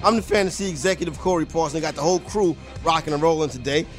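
A man's voice: fairly high pitch, fast, soft background music. A man hosting a sports radio show, chatting casually with loose, enthusiastic banter. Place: radio studio.

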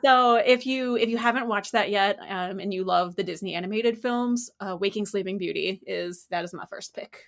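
Relaxed podcast co-host woman. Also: mid-range voice, normal speed, vocal fry, few pauses. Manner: relaxed, frequent fillers. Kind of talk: casual chat. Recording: close podcast mic.

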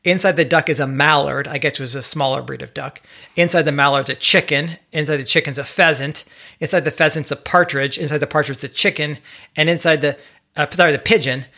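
Bright-voiced man hosting a podcast. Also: on the high side, steady tone, brisk, gravelly. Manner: playful, puts on a mock posh accent to recite. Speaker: podcast co-host. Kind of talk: casual podcast chat.

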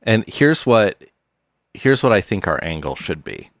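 Deadpan podcast co-host, man, very deep voice, dry booth sound. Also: gravelly, dry recording. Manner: deadpan storytelling, low-key and unhurried. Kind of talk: casual comedic chat.

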